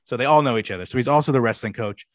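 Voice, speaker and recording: A man's voice: medium pitch, racing, no echo. Profane young man rambling through a recap. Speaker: podcast co-host. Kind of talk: casual chat.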